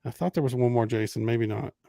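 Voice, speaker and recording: Podcast host, man in his 30s, animated storyteller, close dry mic. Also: mid-range voice, fast, vocal fry, dry recording. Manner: animated storyteller acting out quotes. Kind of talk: casual storytelling chat.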